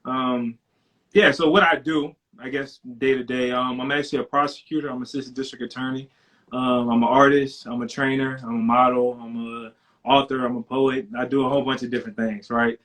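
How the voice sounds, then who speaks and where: Relaxed man from New Orleans. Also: mid-range voice, a little fast. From New Orleans, USA. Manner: relaxed, hesitant with many fillers. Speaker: guest, prosecutor. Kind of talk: casual live-stream interview. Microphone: laptop.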